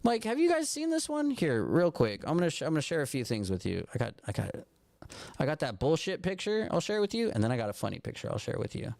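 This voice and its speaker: Casual male streamer, mid-pitched, swears freely, rambles through politics on a phone, dry close mic. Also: very animated, fast, vocal fry, a little mellow, no echo. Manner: rambling, swears often, restarts and fillers. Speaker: live stream host.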